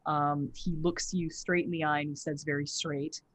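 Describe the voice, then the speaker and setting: A game master narrating a tabletop game in a halting way with lots of "uh" and "um". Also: medium pitch, little pitch movement, fairly bright tone. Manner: halting narration with many fillers.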